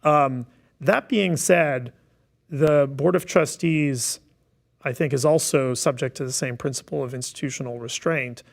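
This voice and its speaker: A man's voice: mid-range voice, unhurried, creaky. A man talking on a webinar as a task force member, thoughtful and explanatory, with many fillers and restarts. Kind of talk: webinar discussion. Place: online webinar.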